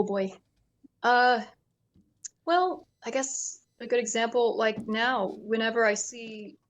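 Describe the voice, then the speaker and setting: A woman who works as a haunted house actor, talking in a casual interview with a lot of fillers and easy laughs. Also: medium pitch. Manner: chatty, many fillers, laughs easily.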